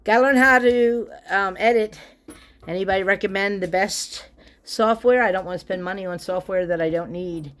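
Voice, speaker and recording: A woman's voice: medium pitch, moderate pace, a bit bright. A woman vlogging from home, giving a chatty, rambling product review, often breaking off mid-sentence and chuckling.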